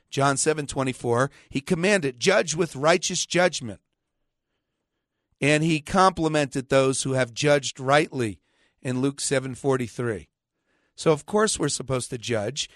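A man's voice: fairly high pitch, fairly bright tone, no echo, clean studio sound. A man, a pastor hosting a radio talk show, preaching in a combative, sarcastic way and quoting scripture with emphatic repetition.

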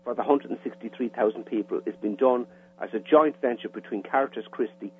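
A man's voice: medium pitch, fairly quick. A man with an Irish accent, a caller on a radio interview, explaining plainly with some hesitations. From Ireland. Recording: tinny phone line with faint hum.

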